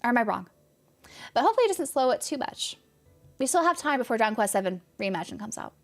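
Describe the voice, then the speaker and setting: A woman's voice: on the high side, big pitch swings, quick pace, faint music behind. A young woman from California with a light Californian accent, chatting casually on a game stream and answering chat with a rambling, laughing manner.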